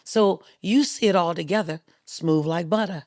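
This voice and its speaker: A woman speaker on a podcast as a guest, telling stories in an emphatic, rhythmic and animated way. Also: fairly low pitch, normal speed, no echo, clean studio sound. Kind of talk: storytelling interview talk. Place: podcast studio.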